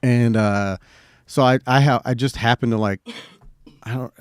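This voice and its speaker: This middle-aged co-host has a mid-range, clean-toned voice with a steady tone and unhurried delivery. Clean studio sound with no echo captures him telling a personal story in a relaxed, rambling way, swearing freely in casual podcast chat.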